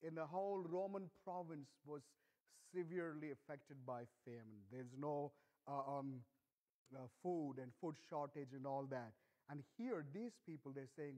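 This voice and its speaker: Man, middle-aged, sermon, high-pitched, earnest and emphatic, slow deliberate phrasing. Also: a little mellow. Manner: earnest, emphatic, stresses key words with rising pitch. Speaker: preacher. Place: church.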